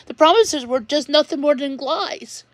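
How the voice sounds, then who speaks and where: A woman with a high voice rants to her viewers, upset and near tears. She stops and restarts her sentences as she talks. The sound is dry and close. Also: normal speed, no room sound. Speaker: vlogger. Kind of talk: emotional rant to camera.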